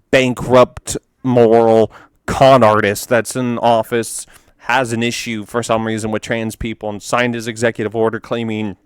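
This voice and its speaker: A man's voice: lowish voice, clear, resonant tone, no room sound, studio quality. A man giving casual reaction commentary on memes, ranting and profane, laughing often.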